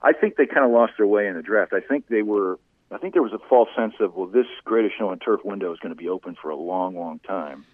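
Tinny-sounding man telling animated anecdotes. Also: on the low side, quick pace, no echo. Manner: animated anecdotes, laughs often. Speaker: former sportscaster, guest. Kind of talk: conversational storytelling. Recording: tinny phone-like line.

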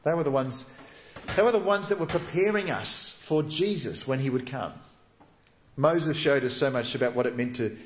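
A man preaching a sermon as a pastor, telling the story vividly and dropping to soft, hushed tones. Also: medium pitch, roomy sound.

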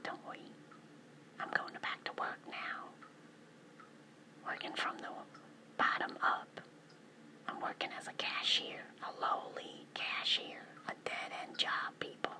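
A woman talking in a whisper, rambling from one thought to the next and asking rhetorical questions. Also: on the low side. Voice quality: mostly whispered. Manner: rambling, jumps between topics, asks rhetorical questions.

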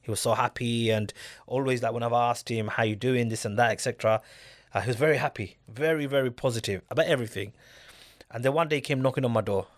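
A man's voice: mid-range voice, fast. A man in a casual discussion, speaking emphatically and often asking his listener if he gets it. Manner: emphatic, keeps asking "do you get it?".

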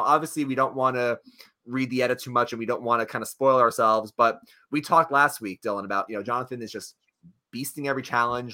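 A man with a bright, clear tone talks through the week's episode in a loose, rambling manner. He restarts sentences often and leans on fillers as he chats with his co-host. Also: mid-range voice. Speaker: podcast co-host. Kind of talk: casual chat.

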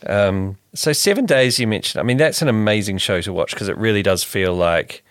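A New Zealand man with a very deep voice asks questions in an easy, halting manner, often with small nods of agreement. The voice is close and dry. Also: lively intonation, a bit bright, dry recording. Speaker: interviewer. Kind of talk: casual interview chat.

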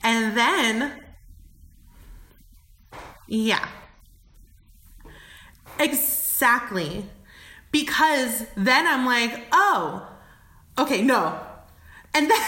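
A woman's voice: sits high, very animated, drawn-out words, pauses often, sharp tone. A woman guest on a podcast, telling a story candidly, cursing often and laughing. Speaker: podcast guest, travel company founder. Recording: echoey room.

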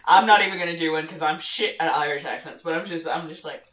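A woman's voice: low-pitched, fast talker, a bit bright. A woman who teaches, co-hosting a podcast in casual chat, emphatic and opinionated, repeating herself and swearing. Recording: roomy echo.

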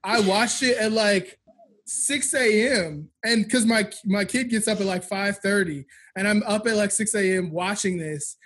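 A man's voice: sits high, measured pace, fairly bright tone. A man in his thirties, a podcast co-host and business owner, talking candidly and reflectively in a casual chat. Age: 30s.

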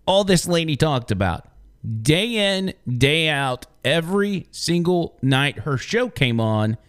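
A man's voice: a little high, big pitch swings, slow pace, clear, resonant tone. A man hosting a political opinion show, speaking emphatically and mockingly, repeating words for effect. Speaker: political commentary host. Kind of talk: opinion monologue.

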